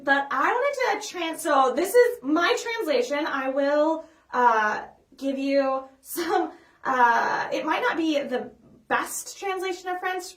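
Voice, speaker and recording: High-voiced librarian woman in an echoey room. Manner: upbeat, chatty, with frequent ums and restarts; sings simple songs slowly for kids to follow. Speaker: children's librarian leading storytime. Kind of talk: children's storytime presentation. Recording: echoey room, voice a bit far from the mic.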